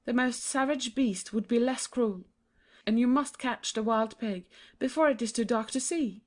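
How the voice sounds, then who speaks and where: A woman's voice: on the high side, moderate pace, a little mellow, close to an everyday voice. A woman voicing a young, trusting princess, earnest and pleading in a childlike way.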